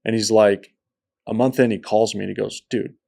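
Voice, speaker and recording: A man, an entrepreneur guest on a podcast, telling his story in a lively way and acting out the people in it. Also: on the low side, brisk, vocal fry. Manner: animated storyteller who acts out quoted people. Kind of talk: storytelling interview.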